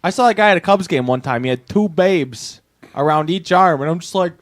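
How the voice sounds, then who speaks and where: A man hosting a casual podcast who tells loose, joking stories and swears freely. His voice is on the higher side. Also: a little fast. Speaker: podcast host.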